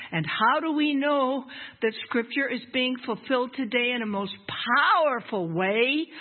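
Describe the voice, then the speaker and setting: An older woman preaching a sermon to a congregation in an emphatic, impassioned way. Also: fairly high pitch. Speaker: guest speaker at a congregation. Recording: lo-fi, phone-like sound.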